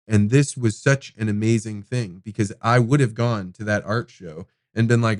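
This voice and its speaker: A man hosting a podcast, telling a personal story in a rambling, animated way with casual swearing. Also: on the low side, normal speed, few pauses, dry recording, studio quality. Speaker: podcast host.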